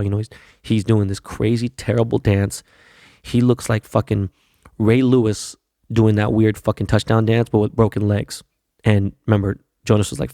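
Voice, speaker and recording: A man's voice: on the low side, gravelly, warm tone, dry recording, clean studio sound. A man hosting a podcast, telling a long, profane, rambling anecdote full of fillers. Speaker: podcast host. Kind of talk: casual storytelling monologue.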